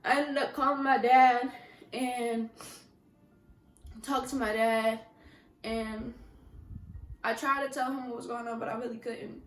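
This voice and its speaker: A young woman telling a personal story on her vlog, speaking softly and emotionally with halting restarts. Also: on the high side, fairly even intonation, reverberant, faint music behind, low-quality recording. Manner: soft-spoken, emotional, halting with many restarts. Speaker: vlogger.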